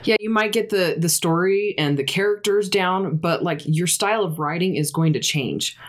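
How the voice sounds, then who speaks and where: A woman's voice: on the low side, moderate pace. A chatty woman in her thirties co-hosts a writing podcast. She talks in an easy, rambling way and laughs often. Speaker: podcast co-host. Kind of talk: casual chat.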